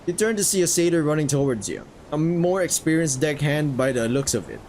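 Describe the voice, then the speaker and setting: A man streaming a story game, narrating it casually with quick asides. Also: fairly high pitch, animated, a little mellow, slight background noise, poor audio. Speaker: streamer reading a game aloud.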